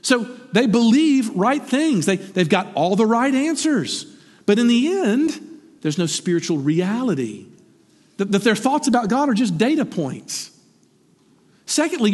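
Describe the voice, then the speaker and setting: A middle-aged man preaching a sermon from the pulpit, conversational and animated, often asking his listeners questions. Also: high voice, normal speed, husky, in a large hall. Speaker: pastor. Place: church sanctuary.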